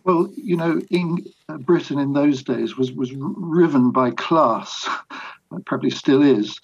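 A man's voice: a little high, measured pace, vocal fry, slightly rough, highs cut off. An older man, a biographer, answering interview questions in a reflective, anecdotal way with hesitant restarts. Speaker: biographer guest.

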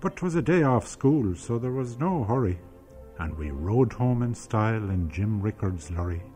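A man's voice: on the low side, big pitch swings, dark tone, soft background music. Irish man narrating a lyrical memoir. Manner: measured, lyrical reading. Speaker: radio producer and memoir narrator. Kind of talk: scripted memoir narration and on-location chat.

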